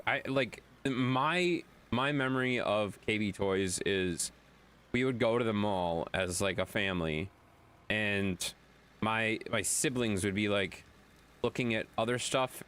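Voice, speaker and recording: A man's voice: fairly low pitch, a little slow, fairly bright tone. A man streaming a game, chatting loosely with viewers, swearing and laughing often. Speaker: gaming streamer. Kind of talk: casual chat while playing.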